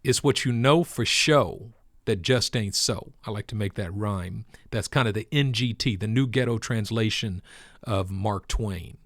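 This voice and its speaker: A man talks through the crypto market in a relaxed, conversational way, circling back to stress his points like a preacher. His voice sits at an everyday middle pitch. The sound is close and dry, with no room around it. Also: dry recording. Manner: conversational, emphatic, preacher-like repetition. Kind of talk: casual market commentary.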